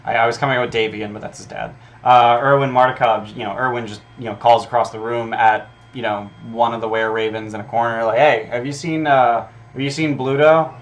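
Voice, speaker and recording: A man's voice: fairly low pitch, little pitch movement, fast talker, fairly bright tone. A man preparing a tabletop game session, reading his notes aloud in a casual, profane way, with lots of ums. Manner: filler-heavy, profane, thinking aloud. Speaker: game master prepping an adventure.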